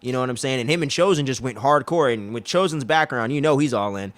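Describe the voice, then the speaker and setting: A man co-hosting a casual show review, excitable and profane, often acting out quotes in other voices. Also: medium pitch, fast talker. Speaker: podcast co-host.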